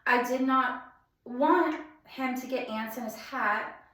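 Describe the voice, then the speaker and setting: Brief: young woman, slightly high voice, halting and emphatic storyteller, very echoey room. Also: a bit bright. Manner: halting, restarting, emphatic retellings. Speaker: vlogger telling a personal story. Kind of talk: emotional personal storytelling.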